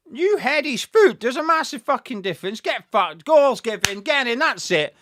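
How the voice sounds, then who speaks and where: A man doing live fan commentary on a match, sweary and excitable, talking straight to his viewers. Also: very high-pitched, a little slow, no room sound, clean studio sound. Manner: sweary and excitable, shouting at goals.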